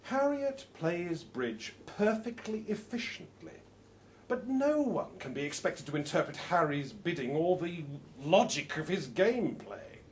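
A man reads a first-person story at an unhurried pace, his pitch sitting a little high and moving a lot. His tone is dry and understated, with soft laughs and "well" openers. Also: big pitch swings, slight background noise.

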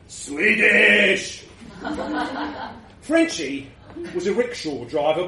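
A man telling a crude story with wry humor, slow and unhurried, his pitch high and swinging widely. The sound is roomy and set back from the mic. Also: far from the mic, a little hiss or hum. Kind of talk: storytelling narration.

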